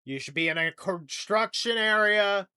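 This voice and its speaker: A man's voice: high-pitched, lively intonation, a little slow, pushed and bright, smooth. A young man hosting a comedy podcast, rambling through a profane, jokey monologue. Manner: rambling, profane, jokey rants with mock voices.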